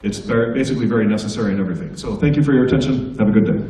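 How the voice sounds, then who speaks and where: Racing along in a mellow, mid-range voice, an American stand-up comic gives students a joking, anecdotal assembly talk as guest speaker in the school hall. The rough recording is echoey and distant, with a little hiss or hum.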